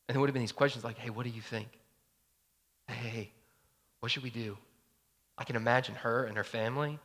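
A man's voice: fairly high pitch, bright, forceful tone. Man preaching casually in a reverberant hall. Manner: casual, conversational preaching with many fillers. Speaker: pastor. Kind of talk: sermon.

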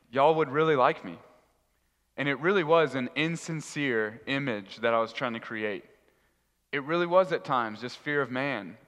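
A man giving a sermon, telling a funny story in an animated, humorous way. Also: medium pitch. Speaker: youth pastor. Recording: reverberant hall.

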